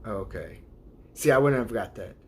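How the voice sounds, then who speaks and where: A man's voice: on the low side, expressive, fairly quick, gravelly, slightly rough. A man hosting a casual livestream, rambling and hesitant, laughing often as he sounds out viewers' names. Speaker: livestream host.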